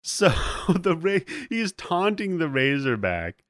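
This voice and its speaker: Slow-talking, profane podcast host. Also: male voice, on the high side, very animated, a bit bright. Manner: profane, laughing, play-by-play retelling. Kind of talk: casual chat recapping a movie.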